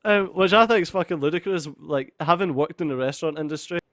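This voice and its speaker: A man's voice: fairly high pitch, fast talker, a bit bright, dry recording, clean studio sound. A young man hosting a let's play, telling a story in a casual, sweary way and laughing through it. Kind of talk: casual storytelling over gameplay.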